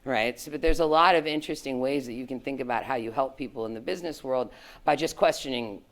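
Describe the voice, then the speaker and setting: Frank middle-aged woman with gravelly fry. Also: a bass voice, fast. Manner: frank and animated, peppered with "like" and "right?". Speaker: guest speaker, former tech executive. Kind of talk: candid storytelling talk to students.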